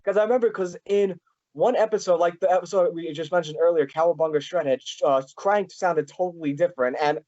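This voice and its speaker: A man hosting a casual fan interview, talking in a rambling, halting way with many restarts. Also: on the high side, a little mellow, no echo, highs cut off. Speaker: podcast host.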